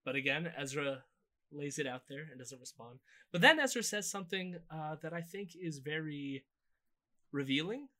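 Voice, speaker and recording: Podcast co-host, male, bright, slightly higher voice, sardonic and loose. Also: animated, normal speed. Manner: loose and sardonic, recapping clips. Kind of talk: casual political commentary chat.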